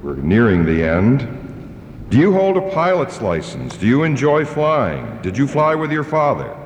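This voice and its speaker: A man moderating a public forum for radio, speaking in measured, formal phrases in a large church hall. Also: mid-range voice, huge pitch swings, slight background noise. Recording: echoey church hall, dull radio sound.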